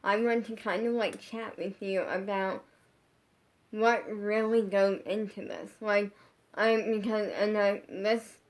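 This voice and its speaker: A woman's voice: mid-range voice, steady tone, takes it slowly. A woman creator chatting casually to her viewers in her bedroom, rambling with constant 'like' and restarts. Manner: rambling, heavy use of 'like', frequent restarts. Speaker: social media creator. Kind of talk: casual storytime vlog.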